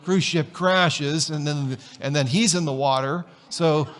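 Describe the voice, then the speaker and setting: Animated man preaching a conversational sermon. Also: a little high, a little slow. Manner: conversational, animated storytelling with rhetorical questions. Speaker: pastor. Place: church sanctuary.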